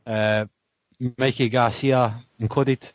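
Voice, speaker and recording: Excitable man on a dull dry mic. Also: mid-range voice, slow, dry recording. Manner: enthusiastic, swears freely, trails off mid-sentence. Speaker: podcast co-host. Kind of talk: casual chat about boxing.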